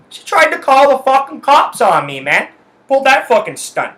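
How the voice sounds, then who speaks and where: A Canadian man hosts a solo podcast from his house, telling his story in a heated rant while swearing constantly. His voice sits a little high, bright and forceful, with big pitch swings at a normal speed.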